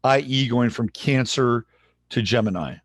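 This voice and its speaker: A man hosting a livestream in casual chat, relaxed and rambling as he greets viewers. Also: mid-range voice, a little slow, no echo. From San Jose, California, USA. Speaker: livestream host.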